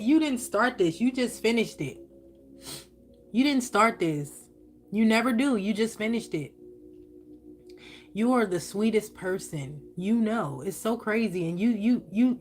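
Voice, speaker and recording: A woman giving a channeled spiritual reading while eating on camera, casual, profane and blunt. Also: mid-range voice. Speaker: spiritual reader.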